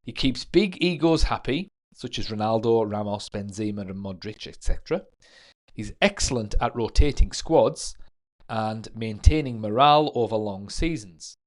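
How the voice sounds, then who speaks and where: A man's voice: fairly low pitch, lively intonation, a little slow. A man hosting a late-night football livestream in a casual tone, reading out notes and viewer comments and adding chatty asides. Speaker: livestream host.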